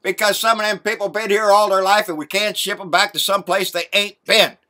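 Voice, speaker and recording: A man with a high, bright voice rants about politics. He is blunt and folksy, and he swears freely. His tone stays punchy and cutting throughout. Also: steady tone, a little fast. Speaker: political vlogger. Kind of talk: political rant.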